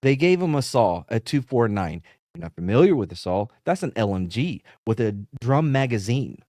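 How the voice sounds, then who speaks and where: A man's voice: medium pitch, very animated, moderate pace, warm tone, no echo, studio quality. A man in his thirties hosting a podcast, telling rambling, profane stories in casual chat. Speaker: podcast host.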